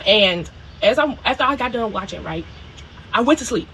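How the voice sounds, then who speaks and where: A woman telling a personal story for her video diary in a casual, animated way. She swears freely and keeps checking in with "you know" and "okay?". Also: fairly high pitch, moderate pace, slight background noise, poor audio. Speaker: spiritual video diarist.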